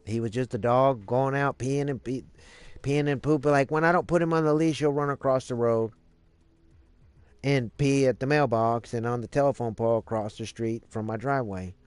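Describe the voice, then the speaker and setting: Male streamer, casual profane storyteller, rambling with fillers, mid-pitched voice, dry close sound. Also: normal speed, smooth, dry recording. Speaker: live streamer.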